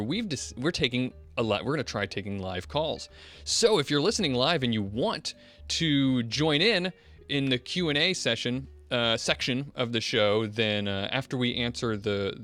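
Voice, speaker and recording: Bright-voiced rambling podcast host man. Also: mid-range voice. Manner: rambling, self-deprecating, many fillers and laughs. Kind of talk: casual chat.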